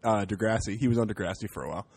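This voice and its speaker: A man's voice: lowish voice, very fast, darkish tone, breathy edge. A man from Canada, a comedian, rambling and joking in casual podcast chat with some swearing.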